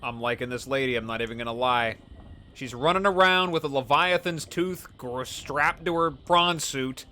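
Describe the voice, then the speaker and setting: A man's voice: medium pitch, normal speed, pushed and bright, a little hiss or hum. A man playing a survival video game and commenting casually, reading on-screen scan texts aloud. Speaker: let's play host. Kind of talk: gameplay commentary.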